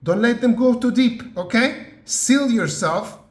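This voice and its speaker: Earnest guy giving a motivational talk, slow emphatic bits, keeps saying yeah?. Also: extremely high pitch, lively intonation, echoey room. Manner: earnest, repeats "yeah?" and "okay?" as check-ins, slow emphatic phrasing. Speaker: motivational podcast host.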